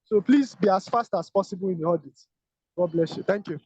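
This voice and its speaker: A man's voice: high-pitched, a little fast, darkish tone, no echo. A man, a senior doctor, giving earnest, repetitive advice to exam candidates during an online teaching session. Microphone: video call. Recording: dull lo-fi call audio.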